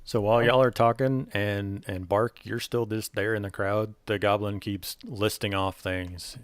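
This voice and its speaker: A man's voice: on the low side, flat delivery, measured pace, hardly any pauses, no echo. A man narrating as game master in a loose, casual way. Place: home setup, online call.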